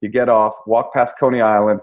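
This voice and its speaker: A man's voice: lowish voice, flat delivery, fairly quick, muffled recording. A man, a comedian guest, telling wry, self-deprecating stories in a casual podcast chat. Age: young adult.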